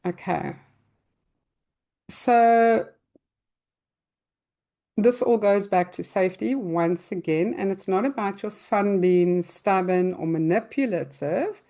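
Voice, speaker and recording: An older woman hosting a parenting advice show and answering listener questions, calmly explaining with everyday examples in loose, conversational speech. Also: medium pitch, slow pace, long pauses. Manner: loosely spoken, with restarts and fillers.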